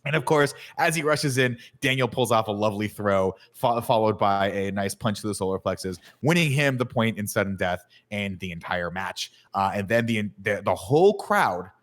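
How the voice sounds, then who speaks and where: Lower-pitched man, animated profane retelling. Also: normal speed, few pauses. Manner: animated, profane storytelling with acted-out quotes. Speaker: podcast co-host. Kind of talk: casual movie recap. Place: studio.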